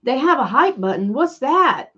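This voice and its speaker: A woman's voice: sits high, very animated, moderate pace, fairly bright tone, lo-fi sound. A woman with a Southern American accent hosting a casual crafting livestream, rambling and answering viewers' comments as she goes. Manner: rambling, chatty, reads and answers live comments.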